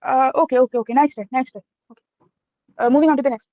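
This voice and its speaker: A woman's voice: high-pitched, steady tone, very fast. A young woman with an Indian accent asking quiz questions, patient and encouraging, repeating questions when needed, heard over a call. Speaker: quiz questioner, medical student. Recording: tinny dry call line.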